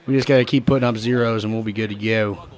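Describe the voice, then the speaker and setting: A hoarse man giving casual, excitable commentary while playing a baseball video game, often swearing and shouting at the players. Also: on the low side, fast talker. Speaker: gaming channel host.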